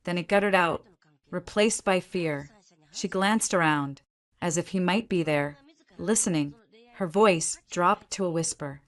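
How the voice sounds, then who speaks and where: Woman storyteller, lowish voice, steady first-person narration. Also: a little slow.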